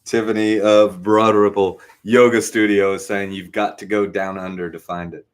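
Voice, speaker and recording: A man's voice: fairly low pitch, little pitch movement, moderate pace. A middle-aged man casually hosting an online trivia game, prodding with joking questions.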